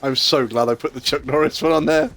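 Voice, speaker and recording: A man's voice: on the high side, fairly even intonation, fast, fairly bright tone. A man hosting a live game stream, chatting casually and rambling with friends, laughing easily and swearing now and then. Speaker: streamer and host. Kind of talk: casual chat while gaming.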